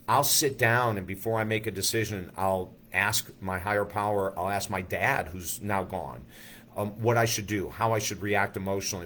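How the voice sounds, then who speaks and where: A man's voice: on the low side, fairly bright tone, slight background noise. A male life coach telling an earnest, emotional personal story in a monologue, often restarting his sentences.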